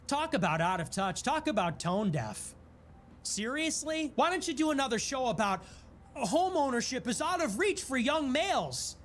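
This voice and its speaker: A man's voice: very high voice, big pitch swings, normal speed, a bit bright, slight background noise. A man from Chicago hosting a political livestream, delivering an indignant, sarcastic monologue. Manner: indignant and sarcastic, rising to defiant outbursts.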